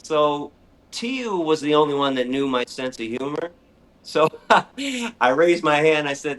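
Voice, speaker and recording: A middle-aged man talks with a slightly raised pitch. He tells a story in an animated, excitable conversational way. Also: unhurried, long pauses. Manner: animated, excitable storyteller who acts out his own shrieks. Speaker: animal rights speaker, guest.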